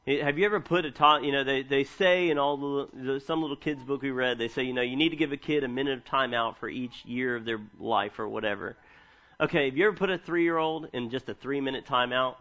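The audio has its highs cut off as a pastor in his thirties talks a little fast in a mid-range voice. He reads scripture during his sermon and spins amusing, animated stories about his family.

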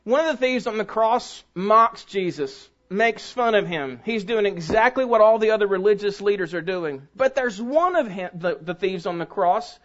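A pastor with a strikingly high voice preaches to his congregation, pushing hard on key words and then dropping low. The recording sounds dull and lo-fi, like a muffled church tape. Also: expressive, normal speed. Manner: emphatic preaching, rising and falling in force. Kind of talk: sermon.

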